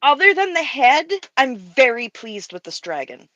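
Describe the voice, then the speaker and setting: A woman's voice: high-pitched, sing-song, moderate pace, fairly bright tone, dry recording, muffled recording. A woman co-hosting a casual livestream chat while drawing, talking candidly and earnestly with frequent restarts. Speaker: livestream co-host drawing on stream.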